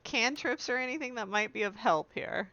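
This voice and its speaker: A woman playing a tabletop game, talking eagerly with bursts of excitement and laughter. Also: a little high, normal speed, no room sound, dull audio. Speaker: player. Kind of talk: casual tabletop game chat.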